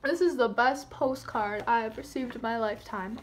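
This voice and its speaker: A woman's voice: fairly high pitch, moderate pace, a little hiss or hum. A teenage girl rambling through an unboxing in a giddy, self-conscious way, apologizing for how she sounds. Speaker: vlogger. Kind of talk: casual unboxing vlog.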